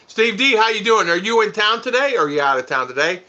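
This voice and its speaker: A man from the United States hosts a casual livestream, reading viewer comments and clowning around. His voice is bright and a bit higher than most men's, and he keeps breaking into laughter. The sound is dull and lo-fi, like stream audio. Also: very animated, fast. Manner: goofy, teasing, laughs often.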